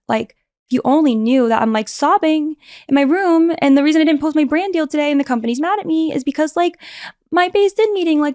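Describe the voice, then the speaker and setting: Young woman podcast guest, animated chatty storyteller, dry close mic. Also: high voice, no echo. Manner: fast, animated storytelling with many fillers. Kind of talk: casual interview talk.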